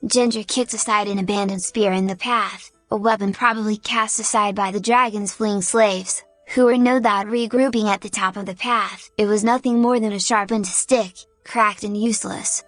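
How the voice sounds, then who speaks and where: A woman narrating a fantasy story at a steady, even pace. Her voice sits at a middling pitch, and faint background music plays beneath the reading. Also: normal speed, few pauses.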